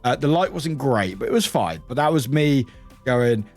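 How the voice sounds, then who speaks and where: A man's voice: mid-range voice, normal speed, soft background music. A man from the UK, a streamer chatting casually and animatedly with his live chat from home. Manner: animated, laughing, greeting chat by name. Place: home room.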